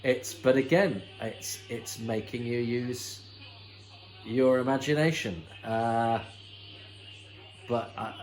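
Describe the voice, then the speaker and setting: A man's voice: medium pitch, slow, long pauses, darkish tone, faint music behind, rough recording. A man hosting a watch-along, commenting on an old episode in a chatty, enthusiastic way with many fillers and restarts. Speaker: host.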